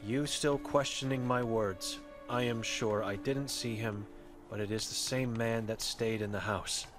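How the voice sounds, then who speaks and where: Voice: mid-range voice, fairly even intonation, a little slow, over music, close to an everyday voice. A game voice actor playing an old blind, mute woman who speaks in grim, clipped fragments. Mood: guilt-ridden. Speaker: game character.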